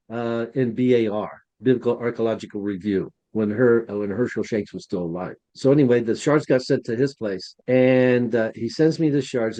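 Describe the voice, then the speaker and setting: A man's voice: medium pitch, mellow. A man co-hosting a podcast, telling a chatty, rambling story and acting out the dialogue. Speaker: podcast co-host, museum curator. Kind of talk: anecdotal storytelling.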